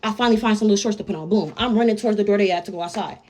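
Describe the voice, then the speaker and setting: A woman's voice: medium pitch, very fast, a little mellow. A woman telling a personal story to her viewers in a brash, profane, casual way, constantly calling out to them as y'all.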